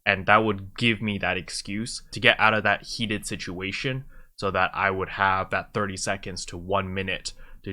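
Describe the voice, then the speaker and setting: A man's voice: deep voice, pushed and bright. A man talking casually to viewers, explaining a simple relaxation habit with plenty of fillers and restarts. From lives in China. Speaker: YouTuber giving advice. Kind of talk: casual advice talk to camera.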